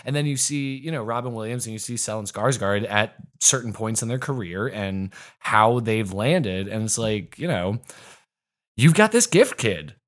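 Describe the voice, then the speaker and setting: A man talking casually as a podcast co-host, animated and quick to laugh, swearing freely. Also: on the low side. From New England. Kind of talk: casual chat.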